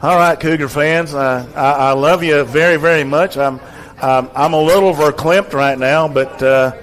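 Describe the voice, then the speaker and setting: A man doing an impression of a sentimental older stadium announcer with a drawl, signing off to the home crowd. He sounds a little choked up, and his voice sits a touch higher than most men's. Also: moderate pace, a bit bright, natural voice, rough recording. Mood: emotional farewell. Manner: choked-up, sentimental farewell address.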